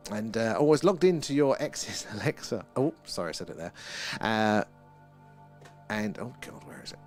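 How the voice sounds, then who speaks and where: A man's voice: fairly low pitch, lively intonation, moderate pace, darkish tone, faint music behind. A British man hosting a live sky-watching stream, chatting casually, answering viewer comments and laughing often. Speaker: livestream host.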